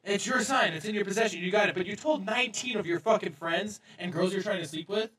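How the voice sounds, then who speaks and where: A man in his twenties hosting a podcast, chatting casually and telling profane, animated stories. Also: high-pitched, quick pace, distant mic. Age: 20s. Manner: laid-back, profane, animated storytelling. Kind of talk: casual chat. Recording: echoey room, off-mic.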